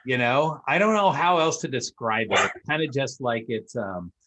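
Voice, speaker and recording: A man's voice: mid-range voice, animated, moderate pace, noisy background. A man hosting a podcast, chatting casually in a loose, rambling way with many fillers. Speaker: podcast host. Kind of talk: casual interview chat.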